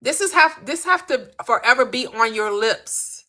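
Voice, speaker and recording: Bright-voiced woman teaching with preacherly emphasis. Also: fairly high pitch, expressive, a little slow. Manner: emphatic, repetitive, preacherly cadence with rhetorical questions. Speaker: spiritual teacher. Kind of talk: spiritual teaching.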